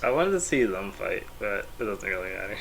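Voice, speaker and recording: Low, bright-toned man chatting casually. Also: sing-song, a little fast, gravelly, breathy edge. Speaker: podcast co-host. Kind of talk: casual chat about anime and manga.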